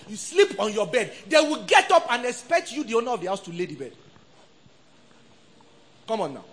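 A middle-aged man with a Nigerian accent, preaching a sermon and leading call-and-response with his congregation. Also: extremely high pitch. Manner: animated, call-and-response preaching, acts out quoted voices. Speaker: pastor.

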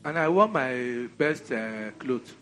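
A Nigerian man preaching a sermon in an animated, conversational way, full of rhetorical questions. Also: medium pitch, takes it slowly, soft background music.

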